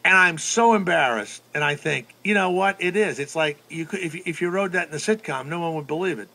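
A middle-aged man hosting a radio show, telling a story in casual chat with animated, rambling energy. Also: fairly high pitch, fairly quick, gravelly. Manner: animated, breaks into loud sing-song la-las. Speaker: radio host.

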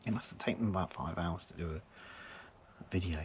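Deep-voiced man rambling in a noisy campsite. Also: a little fast. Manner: rambling, chuckling, sometimes hushed to avoid being overheard. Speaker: vlogger. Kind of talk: casual camping vlog chat. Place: in a van at a forest campsite, outdoors. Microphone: handheld camera. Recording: noisy outdoor ambience.

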